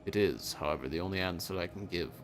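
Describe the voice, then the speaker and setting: A man voicing a hooded male Reaper from a fantasy game, speaking slow and formal. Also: low-pitched, voice pushed down, close to an everyday voice. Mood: solemn. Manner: slow, hushed, formal old-style speech. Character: hooded male Reaper, enigmatic, solemn, apologetic. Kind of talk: game dialogue read aloud.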